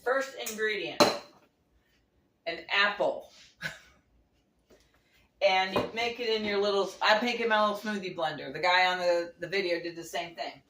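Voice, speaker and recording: A woman's voice: medium pitch, normal speed, long pauses, roomy sound, noisy background. A woman chatting casually through a home recipe demo, rambling with frequent restarts and little laughs. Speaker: home cooking vlogger. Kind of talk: casual kitchen demo chat. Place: home kitchen.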